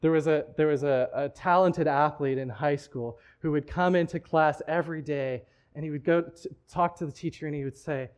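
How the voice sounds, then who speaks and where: A man's voice: a little high, steady tone, normal speed, hardly any pauses, darkish tone. A man preaching a sermon in a church, talking in a conversational way with frequent restarts. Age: adult, married. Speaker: pastor.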